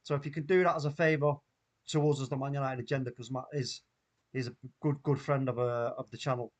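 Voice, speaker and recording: A man with a Mancunian accent hosting a live football watchalong, reacting loudly and excitedly to the play. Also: medium pitch, fast talker. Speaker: watchalong host.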